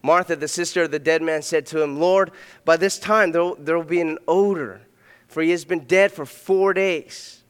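A man preaching a sermon as pastor, earnest, swinging between loud emphatic passages and soft hushed ones. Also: fairly high pitch, fairly even intonation, moderate pace, smooth. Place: church sanctuary. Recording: long reverb of a hall.

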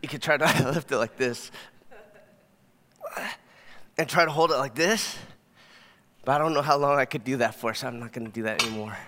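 A man's voice: mid-range voice, moderate pace, pauses often, pushed and bright. A man preaching a sermon on a church stage, slightly out of breath, building to fervent emphasis and closing in prayer. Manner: demonstrates lifting a weight on stage, rising to fervent emphasis.

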